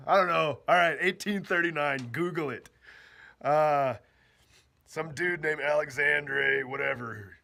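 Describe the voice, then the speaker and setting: In a fairly high, creaky voice that sounds pushed and bright, the off-grid vlogger takes his time and pauses often. He jokes casually through the explainer, laughing, using slang, and acting out bits in goofy voices.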